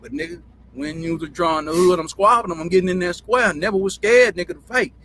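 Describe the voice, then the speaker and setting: A man with a country drawl talks in a bright, forceful voice, a little higher than most men. He rambles, swears freely and circles back over the same phrases. A faint hiss of noise sits under his voice. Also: fast talker. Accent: Southern US country drawl. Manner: profane, rambling, repeats himself. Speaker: show host. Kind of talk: casual storytelling monologue.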